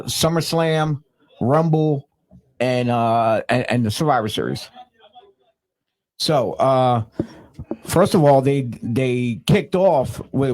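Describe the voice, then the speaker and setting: Podcast analyst guy, mid-pitched, lots of uhs and restarts. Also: darkish tone. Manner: halting, many fillers and restarts. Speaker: wrestling analyst. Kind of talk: casual podcast chat.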